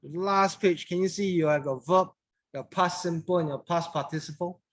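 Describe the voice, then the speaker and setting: High-voiced man teaching English grammar. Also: normal speed. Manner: patient, repeats phrases, mixes in Mandarin words. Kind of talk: classroom grammar lesson.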